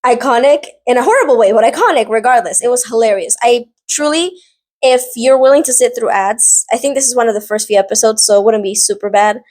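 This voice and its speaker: A woman talks straight to her viewers in a casual, chatty recap, her voice sitting a little higher than most. She rambles, wanders into side notes and leans on "like" constantly. The energy stays animated and conversational throughout. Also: fast talker. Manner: animated, rambling, heavy use of "like". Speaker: book and drama recap vlogger.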